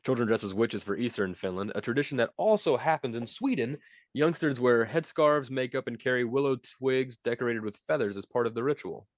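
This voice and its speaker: A man's voice: medium pitch, fairly quick, no room sound, clean studio sound. A young man co-hosting a podcast, casually and playfully reading out trivia quiz questions and teasing his co-host.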